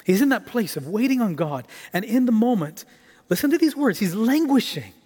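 A man with a high voice preaches in a church sanctuary, the sound ringing with a long reverb. His delivery is expressive, climbing for emphasis and then sinking almost to a hush. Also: normal speed, breathy edge. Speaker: pastor. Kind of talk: sermon. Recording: reverberant hall.

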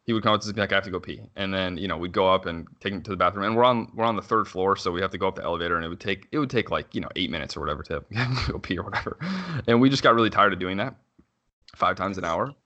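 Thirties dad type, low and fast, bright-edged voice, loose rambly storyteller with filler-heavy delivery. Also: male voice, muffled recording. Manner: rambling, frequent "like" fillers and self-restarts, quick laughs. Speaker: father telling a story. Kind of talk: casual conversational chat.

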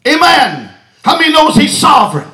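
A man from Texas, preaching a revival sermon in a church, shouting fervently and punctuating lines with "uh" and "hallelujah". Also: extremely high pitch, moderate pace. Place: church sanctuary. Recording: echoey church sanctuary.

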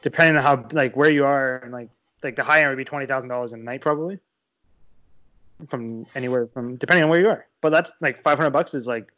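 A man's voice: mid-range voice, sharp tone. A young man co-hosting a podcast in casual chat, rambling and filling his speech with "like". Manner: rambling, heavy on "like", quick to laugh. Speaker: podcast co-host. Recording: slightly dull lo-fi sound.

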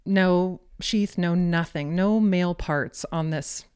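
Casual guest, woman, deep voice, chatty storyteller with many fillers. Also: takes it slowly, darkish tone, smooth. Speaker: podcast guest.

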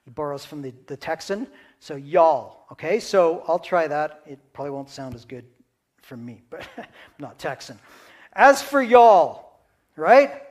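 A man's voice: on the high side, normal speed, a little mellow. A man preaching a sermon in a conversational teaching manner, often checking in with his listeners. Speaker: pastor.

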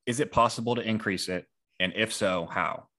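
A man hosting a casual podcast, talking in a relaxed way with many fillers and moving the topics along. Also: fairly low pitch, moderate pace. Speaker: podcast host.

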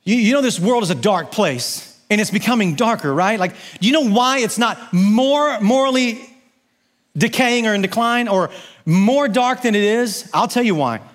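A man's voice: high voice, animated, normal speed. A male pastor preaching an emphatic sermon, asking his congregation questions and shifting his pace to stress his points.

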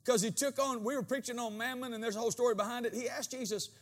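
High-voiced man preaching with sudden loud bursts. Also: fast talker. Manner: animated preaching, voice swinging between soft asides and loud bursts; acts out quoted dialogue in changed voices. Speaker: pastor. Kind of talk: sermon.

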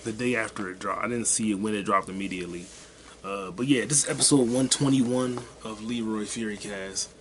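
A man's voice: on the low side, a little hiss or hum. A man hosting his own podcast alone, rambling casually with lots of swearing and offhand self-deprecating jokes. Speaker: podcast host. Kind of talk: casual solo podcast rant.

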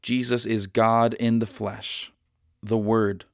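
Earnest low-voiced man preaching a sermon. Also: flat delivery, slow pace, no echo, studio quality. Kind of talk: podcast sermon.

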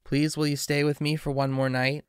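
A man's voice: fairly high pitch, little pitch movement, moderate pace, clean tone, no echo, studio quality, lightly acted. Man voicing a kind statue prince. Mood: tender. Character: kind golden statue prince, grave and caring.

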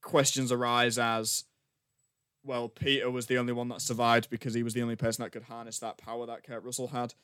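A man's voice: medium pitch, little pitch movement, a little fast, a bit bright, clean tone, dry recording, clean studio sound. A man co-hosting a podcast, rambling casually in sardonic griping about a film. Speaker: podcast co-host. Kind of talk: casual chat.

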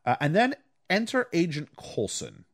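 Male podcast host, animated storyteller, expressive pitch, dry close mic. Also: moderate pace, no echo. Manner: animated storyteller, acts out lines and hums tunes. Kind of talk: casual chat recapping a film.

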